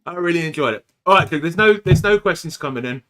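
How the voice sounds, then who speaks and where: A man hosts a relaxed podcast conversation, chatty and teasing, often breaking into laughter. His voice sits a touch high with a bright, forward tone. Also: fast talker. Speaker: podcast host. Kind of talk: casual podcast chat.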